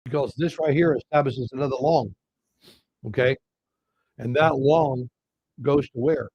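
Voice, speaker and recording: A man's voice: mid-range voice, unhurried, breathy edge, no room sound, dull audio. A man hosting a live trading show, casually talking viewers through chart levels. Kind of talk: live market commentary.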